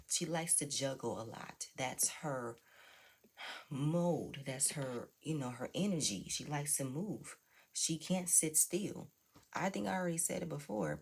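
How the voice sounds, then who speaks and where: Husky low-voiced woman, chatty and opinionated. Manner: chatty, opinionated, talks to viewers directly. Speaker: reality TV reviewer. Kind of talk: casual commentary.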